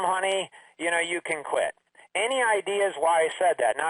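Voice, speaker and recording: A man's voice: fairly high pitch, a bit bright, no echo, far from the mic, low-quality recording. Chatty middle-aged man telling a family story. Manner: chatty, acts out quoted family dialogue. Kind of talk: casual storytelling monologue.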